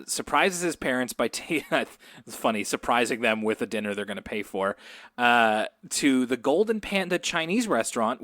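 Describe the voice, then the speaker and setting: In studio-quality audio with no room sound, a man co-hosting a podcast goes over a cartoon in rambling, easygoing talk and laughs freely. His pitch is medium and his tone fairly bright.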